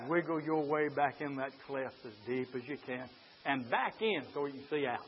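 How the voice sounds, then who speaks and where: An older man preaching a sermon in a church. He is impassioned and swings from hushed talk to loud shouting. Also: medium pitch, moderate pace. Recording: lo-fi recording.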